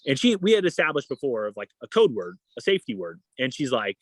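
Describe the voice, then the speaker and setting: Animated man telling a story. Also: mid-range voice, fast talker, no echo. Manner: animated, acts out quoted dialogue. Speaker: guest, endurance athlete. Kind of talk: casual storytelling interview.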